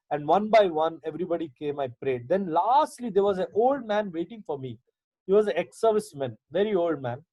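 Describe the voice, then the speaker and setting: A man with an Indian English accent teaches as a pastor, his voice pitched a little high and mellow in tone. He speaks conversationally and haltingly, with plenty of fillers and repeated words. The audio is dry and dull, like a lo-fi video call. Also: no room sound. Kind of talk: Bible teaching told as personal testimony.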